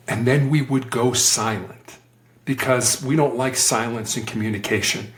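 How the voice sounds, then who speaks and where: Animated man in a roomy space. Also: medium pitch, normal speed, a little hiss or hum. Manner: animated, acts out quoted voices. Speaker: guest, former hostage negotiator. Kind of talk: conversational interview storytelling.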